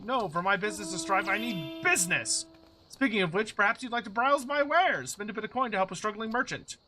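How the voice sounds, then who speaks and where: A man voicing a small, struggling male merchant who talks in chatty salesman patter and is quick to grumble, reading game dialogue aloud. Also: high-pitched, sharp tone, a little hiss or hum, heavily acted, poor audio.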